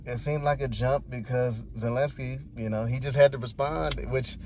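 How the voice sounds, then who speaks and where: A man's voice: medium pitch, fairly even intonation, moderate pace, a little mellow. A man giving rambling, laid-back, slangy commentary as a vlogger. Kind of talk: casual commentary.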